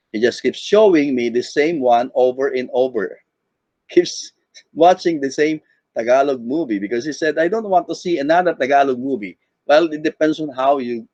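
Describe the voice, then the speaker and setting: Male teacher, lecture delivery; slightly high and very lively pitch, muffled dry recording. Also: no room sound. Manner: demonstrates intonation by acting out example lines. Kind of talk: online class lecture.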